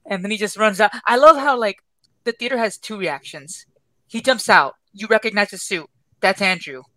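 A woman in casual podcast chat, gushing with emphatic, profane enthusiasm. Her voice is mid-pitched and sits very dry and close, with no room sound. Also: moderate pace, pushed and bright, no room sound. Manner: gushing, emphatic, heavy swearing. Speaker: podcast co-host.

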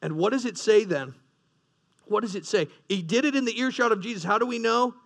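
A man's voice: high-pitched, a little fast, fairly bright tone. A man preaching a sermon, earnest, with rising emphasis and frequent restarts. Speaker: pastor.

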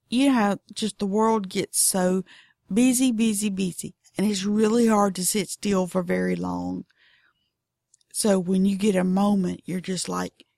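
Slow, drawling Southern woman podcaster. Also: medium pitch, vocal fry, mellow, no room sound, studio quality. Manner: chatty, folksy, drawling. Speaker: knitting podcast host. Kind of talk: casual podcast monologue.

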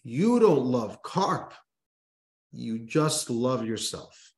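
A man voicing a naive, excited male carp, soft and wistful, in a story told in a class. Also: medium pitch, very slow, exaggerated voice. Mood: bitter. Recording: roomy echo.

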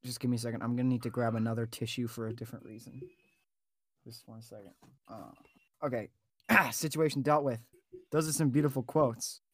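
A man's voice: medium pitch, steady tone, fairly quick, no room sound. A man co-hosting a comedy podcast, talking in theatrical, melodramatic bursts. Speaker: podcast co-host.

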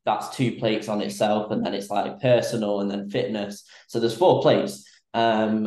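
A young adult man, a fitness coach, chatting casually on a podcast in a relaxed, rambling way with many fillers. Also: on the low side. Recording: roomy echo.

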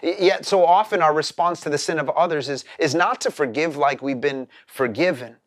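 A man's voice: fairly high pitch, normal speed, no room sound, studio quality. Earnest man preaching, stumbling into phrases. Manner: stumbles and repeats words at the start of phrases; earnest and explanatory. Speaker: pastor. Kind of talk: sermon.

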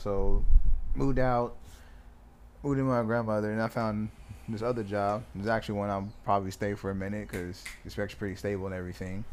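A man telling a story in casual chat, swearing freely and acting out the quotes loudly. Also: on the low side, fast talker, a little hiss or hum. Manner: animated, swears a lot, acts out quotes loudly.

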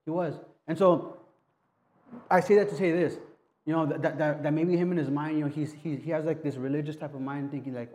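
A man delivers a relaxed, talky sermon, stumbling over restarts and checking in with his listeners. His voice sits a bit high yet sounds soft and warm. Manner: casual, halting, frequent restarts and "right?". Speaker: pastor. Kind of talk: conversational sermon.

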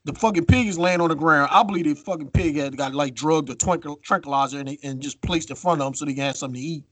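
A man cohosting a podcast, telling stories in a casual, profane, animated way. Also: on the high side, fast, no echo. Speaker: podcast co-host.

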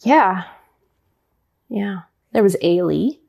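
A woman, a ballet dancer, answering interview questions in a thoughtful, halting way, often searching for words. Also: medium pitch, animated, creaky, a little mellow, highs cut off. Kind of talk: interview conversation.

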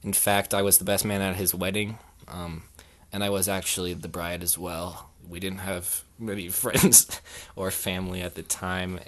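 A man hosting an improvised comedy podcast, talking deadpan and mock-sincere with halting restarts. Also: sits low. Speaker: podcast host.

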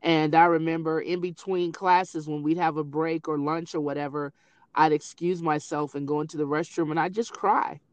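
A middle-aged woman in casual conversation, telling family stories in an animated way. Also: low voice, moderate pace, dry recording. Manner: animated storyteller who acts out quoted voices. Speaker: grieving mother sharing memories.

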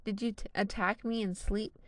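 A woman's voice: medium pitch, steady tone, normal speed, no echo, close to an everyday voice. Woman voicing a brash, cocky young man. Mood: indignant. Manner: brash, mocking.

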